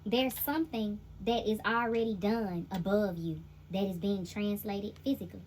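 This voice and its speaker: A woman's voice: medium pitch, moderate pace, a little mellow, slight background noise. A woman with a Southern US accent giving a chatty, laughing, slangy tarot reading. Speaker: intuitive tarot reader.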